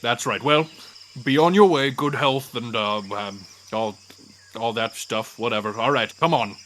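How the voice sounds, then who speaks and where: Guy doing a big pompous dinosaur king, lordly and condescending, talks down to everyone, faint hiss in the background. the voice sits at an ordinary middle pitch and he takes his time with every line. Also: measured pace, a bit bright, lightly acted. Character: boastful male T-Rex king of feathers.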